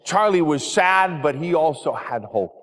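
A man preaching, telling a gentle story to his congregation, voice dropping quiet at tender moments. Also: a little high, lively intonation, measured pace. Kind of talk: sermon story narration. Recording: long hall reverb.

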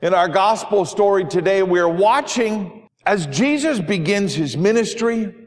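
A pastor delivering a sermon, easing into a story with gentle, measured storytelling. His voice is fairly high for a man, and the sound trails off in a long hall reverb. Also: lively intonation.

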